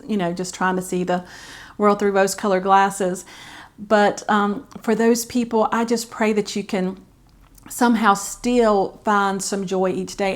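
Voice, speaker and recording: A middle-aged woman, talking candidly to camera as a caregiver vlogger, chatty and heartfelt with many fillers. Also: medium pitch. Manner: chatty and heartfelt, with frequent fillers and soft laughs. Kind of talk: candid personal vlog talk.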